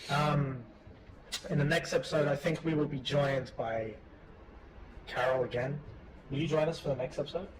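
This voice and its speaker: A playful man co-hosting a loose, jokey podcast, voice sitting a bit high for a man. Clear background hiss runs behind him. He keeps things casual and silly. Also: fairly even intonation, moderate pace, long pauses. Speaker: podcast co-host and English teacher. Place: English school in Tokyo.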